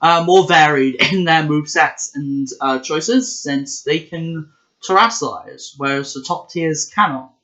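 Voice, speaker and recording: A man's voice: fairly high pitch, a little slow, pushed and bright. A chatty man talks through a casual video in a slightly raised voice, stumbling over words and correcting himself as he goes. The recording is dull and lo-fi. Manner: chatty and self-correcting, with many fillers. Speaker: competitive video game player and channel host.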